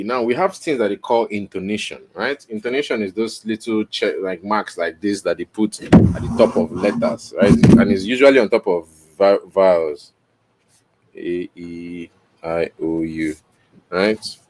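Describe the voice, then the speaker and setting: Unhurried and low-pitched, the podcast host explains things casually on camera, rambling, self-correcting and tossing in "right?" along the way. The audio comes from an indoor camera mic and has background noise.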